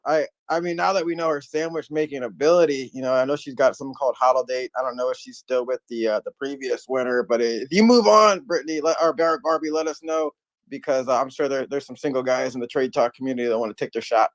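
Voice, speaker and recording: A man hosting a casual livestream chat, teasing his guests and passing the mic around. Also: medium pitch. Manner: teasing, quick-talking. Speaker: host.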